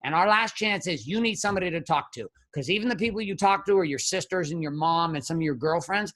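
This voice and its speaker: A man's voice: fairly high pitch, animated, quick pace, a bit bright. Blunt, profane man with a raised voice. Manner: blunt, profane, emphatic storytelling. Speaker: podcast guest, men's coach. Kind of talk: candid podcast interview.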